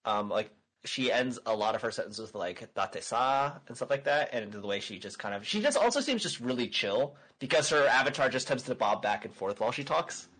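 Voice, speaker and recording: A man hosting a casual podcast chat, animated, laughing often and trailing off with fillers. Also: mid-range voice, fairly quick, breathy edge, rough recording.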